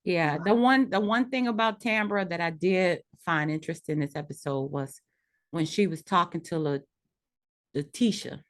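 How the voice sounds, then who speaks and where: A woman with a somewhat low voice co-hosting a laid-back reality-TV recap. She gives her opinions frankly, with a dry, no-nonsense delivery. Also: normal speed. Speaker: podcast co-host. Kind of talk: casual chat recapping reality TV.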